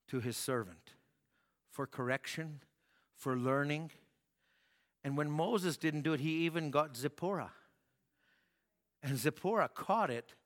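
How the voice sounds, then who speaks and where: A man preaching a sermon in a church hall, telling stories with animation, acting out voices and rising to shouts. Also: on the high side. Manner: animated storytelling, acts out voices, rises to shouts. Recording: long hall reverb.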